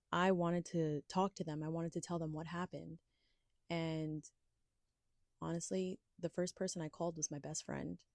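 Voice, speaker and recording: A woman's voice: low-pitched, gravelly, darkish tone, no room sound, studio quality. A woman hosting her own podcast, telling a personal story in a candid, confiding, emphatic way. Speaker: podcast host.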